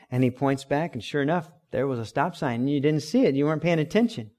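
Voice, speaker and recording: A man's voice: medium pitch, animated, quick pace, few pauses, darkish tone. A man preaching in a conversational way, explaining scripture with everyday examples and acted-out quotes. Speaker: pastor. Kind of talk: sermon.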